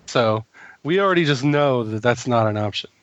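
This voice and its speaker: A man's voice: medium pitch, animated, normal speed, a bit bright, clear, resonant tone, no room sound. A man with a stuffy, congested voice from a cold, chatting on a gaming podcast. He tells crude, joking stories in a dry, close sound. The audio is dull and lo-fi. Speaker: podcast co-host, tattoo artist. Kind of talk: casual podcast chat.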